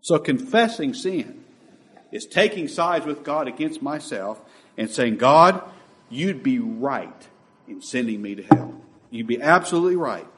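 An impassioned male preacher delivering a sermon. His pitch rises and falls in lively swings, and he shifts from ringing emphasis to near-hushed asides. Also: measured pace, slight background noise.

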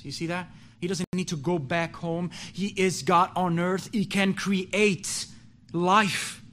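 A man preaching a sermon with passion, rising to loud pleading and dropping to low, quiet stretches, often restarting his words. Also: a little hiss or hum. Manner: impassioned, swings from pleading loud to low and hushed.

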